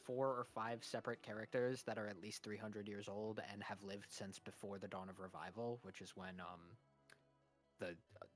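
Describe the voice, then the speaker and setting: A man's voice: fairly low pitch, little pitch movement, normal speed, soft background music. A man co-hosting a game stream in casual chat, nerdily explaining game lore at length with small chuckles.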